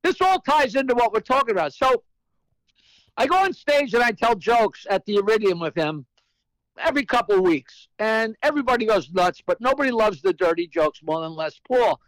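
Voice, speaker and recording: A man's voice: high-pitched, animated, moderate pace, fairly bright tone, dry recording, low-quality recording. A man telling a brash, profane anecdote as a guest comedian, acting out the voices of the people in his story. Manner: brash, profane joke-teller; acts out quoted voices.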